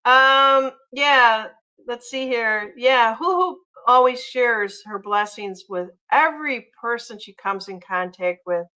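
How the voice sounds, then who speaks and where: A woman hosting a casual livestream, chatty and gushing, often pausing on ums and uhs as she reads viewer comments. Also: fairly high pitch, bright, forceful tone, smooth, poor audio. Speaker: livestream host.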